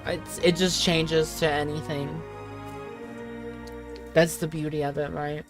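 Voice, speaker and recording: A woman's voice: low voice, little pitch movement, slow pace, over music. A woman streamer giving casual, offhand commentary on a game, swearing freely and laughing.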